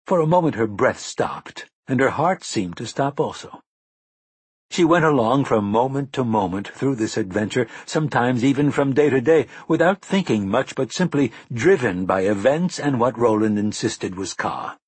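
Male audiobook narrator, husky, measured and expressive, dry close sound. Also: mid-range voice, no room sound.

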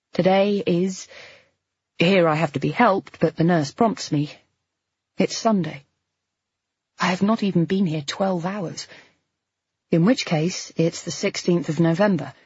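A woman reading a first-person audiobook in a tense, measured storytelling manner, with a breathy voice. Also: on the low side, darkish tone, dry recording. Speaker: audiobook narrator. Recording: dull, slightly lo-fi dry recording.

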